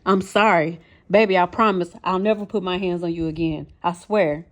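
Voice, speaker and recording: Brief: woman narrator voicing a jealous, abusive man, high-pitched, yelling and cursing in a storybook. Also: steady tone, moderate pace, close to an everyday voice. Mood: pleading. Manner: yelling, cursing, then pleading. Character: volatile jealous abusive man, powerful music mogul.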